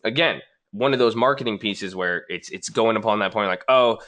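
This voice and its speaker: A man's voice: lowish voice, a little fast, fairly bright tone. A man hosting a trading channel, casually arguing back at viewer comments he reads aloud. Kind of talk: casual talking-head response video.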